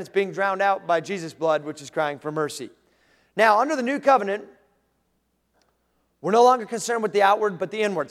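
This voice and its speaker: A man preaching a sermon as pastor, animated, acting out the voices he quotes. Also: sits high. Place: church sanctuary. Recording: long reverb of a large room.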